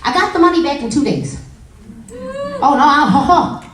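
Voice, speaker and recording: A woman giving a humorous, animated motivational talk to a live audience, telling stories with acted quotes. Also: sits high, normal speed. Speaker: motivational speaker. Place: meeting room with an audience. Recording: echoey room, voice from a distance, faint crowd.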